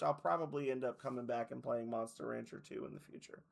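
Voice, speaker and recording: A gravelly-voiced man chats loosely to his stream viewers, his voice worn and half gone. He rambles, restarts and leans on "like" at a mid pitch. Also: moderate pace, few pauses. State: losing his voice. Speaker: game streamer. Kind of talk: casual stream chat to viewers.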